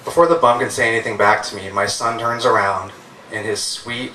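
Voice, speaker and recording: A man's voice: mid-range voice, brisk, sharp tone, a little hiss or hum. Casual, profane man telling stories on stage. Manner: casual, profane, self-mocking. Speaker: storyteller. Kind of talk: live storytelling on stage. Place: live stage venue with an audience. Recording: roomy hall, heard from a distance.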